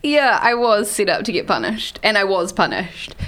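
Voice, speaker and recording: A woman's voice: medium pitch, sing-song, normal speed, a bit bright. Woman, podcast co-host, frank manner, casual chat. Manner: frank, laughs easily.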